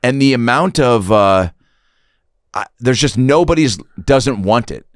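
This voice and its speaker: A man's voice: mid-range voice, expressive, dry recording, clean studio sound. A man hosting a comedy podcast, playful and riffing in casual banter. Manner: playful, riffing, quick to laugh. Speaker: podcast host.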